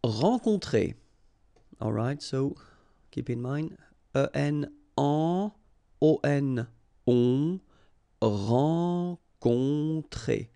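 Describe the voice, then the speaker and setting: Slow, gravelly French-accented male teacher. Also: medium pitch, dark tone, dry recording. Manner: patient, repeats each word and checks with "okay?". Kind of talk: vocabulary lesson with pronunciation drills.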